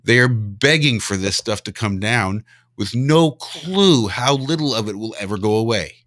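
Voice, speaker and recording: A man's voice: fairly low pitch, animated, normal speed, fairly bright tone, no echo, studio quality. A man co-hosting a podcast, talking in a heated, ranting way and swearing now and then. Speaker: podcast co-host. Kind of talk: casual chat.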